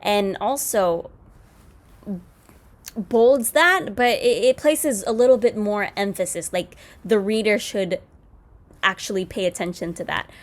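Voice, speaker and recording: A woman's voice: mid-range voice, a little slow. A woman hosting a coding tutorial, explaining each step in a casual way with fillers and self-corrections. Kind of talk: screen-recorded coding lesson.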